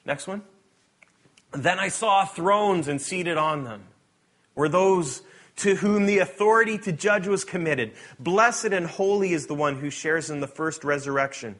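A man delivers a sermon in a voice that sits a little high for a man. He reads scripture with lively, sarcastic emphasis and then drops to quiet, conversational asides to the congregation. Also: unhurried. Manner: animated, shifting between loud emphatic reading and quiet asides. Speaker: preacher.

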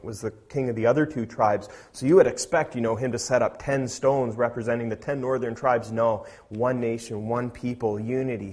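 A male pastor delivering a sermon in a mid-pitched voice. He tells the story in an animated way, dropping into quiet, chatty asides and then building to loud, emphatic declarations.

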